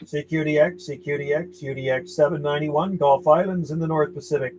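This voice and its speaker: A man's voice: on the high side, steady tone, brisk, a little mellow, slight background noise, poor audio. A man working a CB radio, calling out call signs in a friendly, easygoing way. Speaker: CB radio operator.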